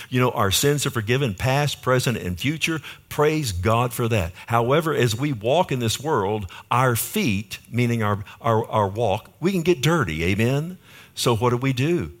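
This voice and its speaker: Conversational male preacher asking his listeners questions. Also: medium pitch. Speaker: pastor. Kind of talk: sermon.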